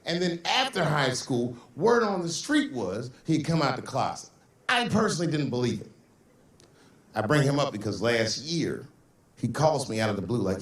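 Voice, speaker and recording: Profane storytelling comedian in an echoey hall. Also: male voice, medium pitch, very animated, normal speed. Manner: profane, storytelling, mimics people in quotes. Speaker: stand-up comedian. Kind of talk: stand-up routine. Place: stage in a large venue. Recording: echoey hall from far off, faint noise.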